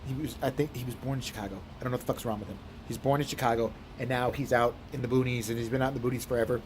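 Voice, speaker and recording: A man talks straight to camera in a loose, rambling vlog rant, peppering it with swearing. His voice sits at an ordinary middle pitch. A faint hum of noise lies under the talk. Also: fairly even intonation, racing, hardly any pauses, darkish tone. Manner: profane, rambling storyteller. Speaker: vlogger.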